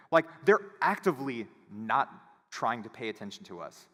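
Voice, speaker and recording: A man giving a conference talk, telling a casual, animated story and acting out the voices of the people in it. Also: mid-range voice, normal speed. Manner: animated, acts out quoted voices. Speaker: conference speaker. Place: conference hall. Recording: reverberant hall.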